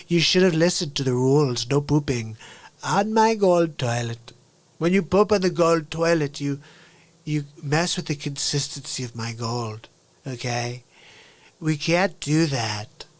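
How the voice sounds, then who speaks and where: A man's voice: on the high side, lively intonation, unhurried, no echo. A man doing a comedic impression of a boastful older male politician who brags in repetitive phrases.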